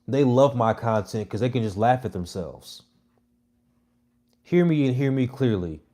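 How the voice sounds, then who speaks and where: A man in his thirties delivering a brash, mocking monologue to his viewers, with loud jabs and muttered asides. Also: mid-range voice, lively intonation, a little slow. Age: 30s. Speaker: comedy content creator. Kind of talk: casual provocative monologue.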